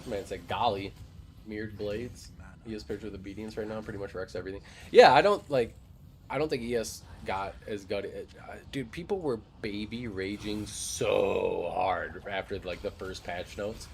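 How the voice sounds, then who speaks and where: A man's voice: fairly low pitch, moderate pace, vocal fry, slight background noise. A young man chatting casually with his live stream audience, loose and joking, with frequent swearing. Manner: loose, profane, joking banter with chat. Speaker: game streamer.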